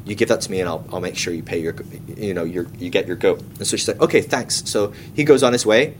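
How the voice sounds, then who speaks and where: A man leading a Bible study class in a casual, chatty way, full of comic asides and quick acted-out quotes. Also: low voice, a little hiss or hum.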